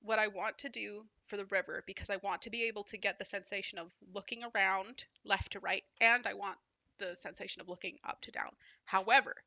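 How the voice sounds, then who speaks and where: A young woman who makes indie games, talking casually over gameplay as she brainstorms. She thinks aloud in a halting, self-deprecating way. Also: mid-range voice, fairly even intonation, vocal fry, pushed and bright, no echo. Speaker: indie game developer.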